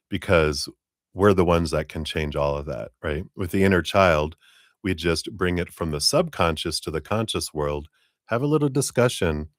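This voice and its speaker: Low-voiced middle-aged man reading tarot. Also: dry recording, studio quality. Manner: rambling, with tag questions and chuckles. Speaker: tarot reader. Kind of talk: live-stream tarot reading.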